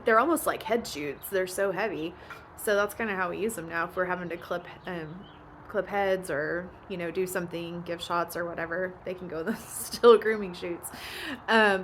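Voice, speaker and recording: A woman in her forties with a drawl talks in a loose, rambling way, laughing often and easing into emotion. Her voice sounds bright and forward at a middle pitch. A faint room ambience sits behind her. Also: slight background noise. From Oklahoma. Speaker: vlogger and ranch mom. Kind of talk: casual chat.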